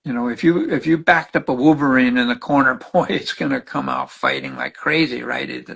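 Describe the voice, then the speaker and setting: An older man, a spiritual counselor, teaching in animated conversation and acting out his clients' words as he tells their stories. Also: medium pitch, brisk, vocal fry, husky, low-quality recording.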